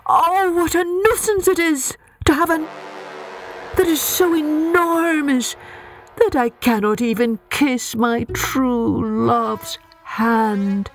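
A woman's voice: high-pitched, slow, soft background music, pitched above the performer's own voice. A woman voicing an exasperated, vain young prince in a children's storybook tale.

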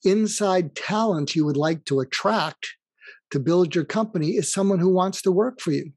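A man's voice: sits high, moderate pace, darkish tone, dry recording. A man being interviewed as a guest author, explaining his advice through anecdotes and acted-out dialogue. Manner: explains through stories, acting out quoted dialogue.

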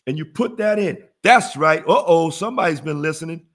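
A man with a fairly high voice hosts a money webinar on a video call. He talks in a folksy, preachy way and keeps asking his viewers questions. His pitch swings up and down a lot. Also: animated, brisk, fairly bright tone. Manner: preachy, call-and-response, laughs at own jokes. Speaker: webinar host, business funding teacher. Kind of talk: casual motivational webinar teaching.

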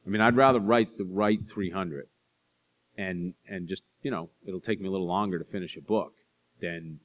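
A man's voice: low-pitched, steady tone, normal speed. A man speaking as an author at a public library talk, conversational with dry humor, often restarting his sentences. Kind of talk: casual talk with Q&A.

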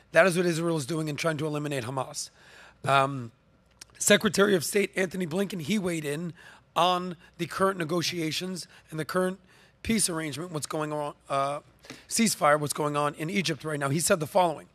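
A man's voice: fairly high pitch, a bit bright. A man hosting a podcast, giving an emphatic opinion monologue full of rhetorical questions and ums, with a slight cough. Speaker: podcast host.

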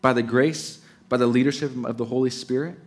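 A man delivering a sermon as pastor, emphatic, swinging from raised to hushed and stretching key words slowly. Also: medium pitch, fairly even intonation.

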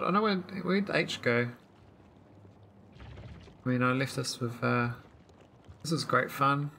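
Gravelly bright-voiced man rambling through gameplay. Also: medium pitch, steady tone, moderate pace, pauses often, slight background noise. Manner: rambling, thinking aloud with many fillers and restarts. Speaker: gameplay streamer. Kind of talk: casual let's-play commentary.

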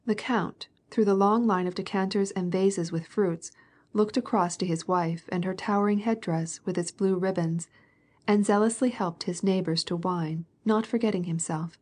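A woman narrating a classic novel as an audiobook, in an even, measured storytelling manner. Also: medium pitch, breathy edge.

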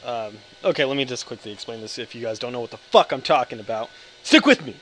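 A man's voice: medium pitch, fast, slight background noise. A man in his twenties with an American accent, hyper and joking, rambling with lots of swearing over his gameplay commentary. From United States. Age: 20s. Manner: hyper, joking, profane, self-interrupting. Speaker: gaming video creator.

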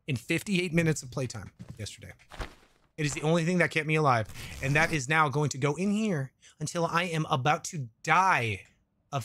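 A man's voice: a little high, fairly bright tone, dry recording. A man doing casual let's-play commentary into a desk mic, rambling with jokey asides, swearing and reading chat aloud. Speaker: gaming YouTuber. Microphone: desk microphone.

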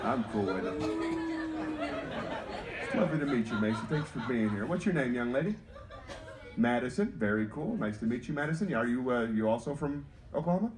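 A man's voice: mid-range voice, lively intonation, a little fast, long pauses. A man from North Carolina doing stand-up comedy and playful crowd work.

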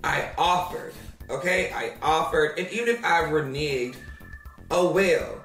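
A man co-hosting a gossip reaction show, giving casual commentary in an animated, drawling way. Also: a little high, unhurried, roomy sound, recorded from a distance, soft background music. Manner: animated, drawling, says "child" often.

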